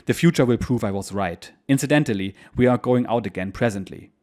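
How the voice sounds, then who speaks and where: A man's voice: mid-range voice, brisk, a little mellow, lightly acted. A man voicing a stern male squadron skipper who scolds his pilot in curt, brusque sentences. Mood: scolding.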